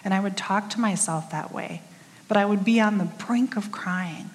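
A woman's voice: medium pitch, normal speed. Chatty middle-aged woman preaching in a hall. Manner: candid, chatty, self-deprecating with frequent fillers. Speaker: church speaker. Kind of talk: conversational sermon. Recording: long reverb of a large hall.

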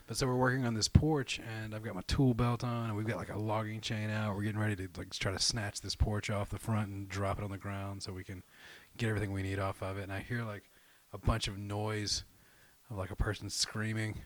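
A man's voice: fairly low pitch, a little fast. A middle-aged man, casually telling a story on a podcast, acting out quotes and swearing freely. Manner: animated storyteller, acts out quotes, laughs often, swears freely.

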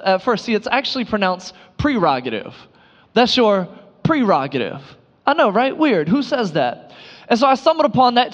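Animated high-voiced man preaching in a hall. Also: dull audio. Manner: animated, playful storytelling with mock surprise. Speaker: pastor. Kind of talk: sermon.

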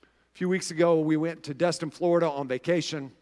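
A male pastor telling a story in a lively, chatty sermon, constantly checking in with the congregation. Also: a little high, brisk, long reverb tail. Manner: animated, chatty, keeps checking in with "right?".

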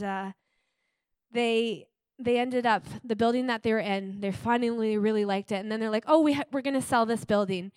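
Woman, church speaker, casual testimony, eager and rambling, slightly high voice, dry close recording. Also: clean tone, no room sound. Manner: enthusiastic, chatty storyteller with many fillers.

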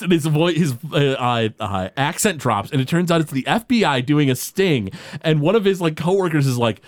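Guy recapping an episode on a podcast, pitch jumping all over, dry close sound, lots of uhs. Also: lively intonation, moderate pace, no room sound. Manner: rambling, lots of filler words. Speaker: podcast co-host. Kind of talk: casual recap chat.

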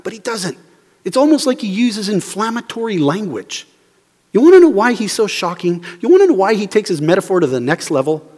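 Fervent high-voiced preacher in a reverberant hall. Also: male voice, very animated, a little fast. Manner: swings between hushed, low asides and fervent raised preaching; emphatic, repetitive rhetorical questions. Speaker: pastor. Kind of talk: sermon. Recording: long reverb of a large hall.

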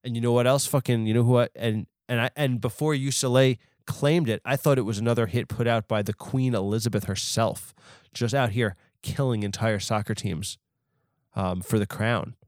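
A young man hosting a podcast, riffing on news in a rambling, profane way and swinging into loud mock outrage. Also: mid-range voice, fairly even intonation, moderate pace, dry recording, studio quality. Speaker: podcast host. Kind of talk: casual comedic news riff.

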